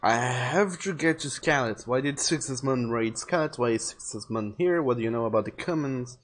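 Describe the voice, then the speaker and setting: A man's voice: medium pitch, normal speed. A young man livestreaming a game, chatting casually in a rambling way and reading viewers' messages aloud. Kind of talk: casual gaming commentary.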